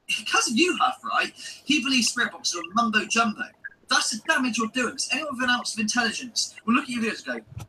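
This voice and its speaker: Man venting in a furious, mocking monologue; piercing bright tone, faint noise on a distant mic. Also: high voice. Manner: heated, sweary, sarcastic. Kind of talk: angry ranting video monologue.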